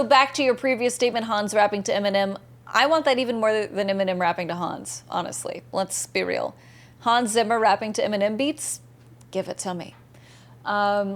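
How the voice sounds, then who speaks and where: A woman from the American Southeast, chatting casually and enthusiastically with viewers while streaming a game. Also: on the high side. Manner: chatty, bubbly, reads chat messages aloud and answers viewers. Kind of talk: casual live-stream chat while gaming.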